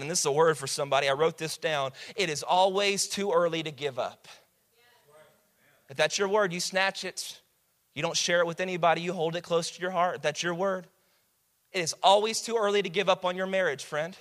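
A pastor preaching a sermon, calling out to the congregation and building to shouts. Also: male voice, a little high, brisk.

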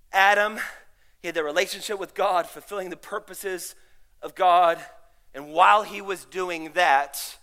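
A middle-aged male pastor preaching a sermon, swinging between drawn-out emphatic lines and sudden shouted peaks. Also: high-pitched.

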